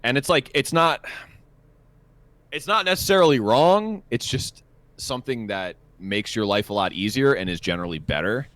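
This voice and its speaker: A man's voice: medium pitch, moderate pace, no echo. A man co-hosting a podcast, telling a work story in a casual chat with lots of swearing. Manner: profane, animated storytelling. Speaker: podcast co-host.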